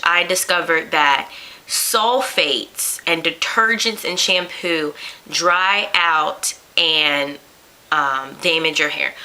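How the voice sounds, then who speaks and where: A young American woman telling a personal story to her camera in a chatty, animated way, with many fillers and quoted reactions. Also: fairly low pitch, low-quality recording. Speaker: vlogger.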